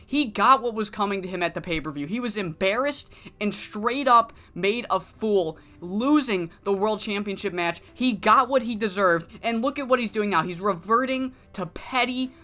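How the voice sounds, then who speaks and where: A man's voice: high-pitched, pushed and bright. A woman voicing a brash, swearing male wrestler who taunts his rivals. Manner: brash, swaggering, cursing. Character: cocky loud male wrestler heel, young adult.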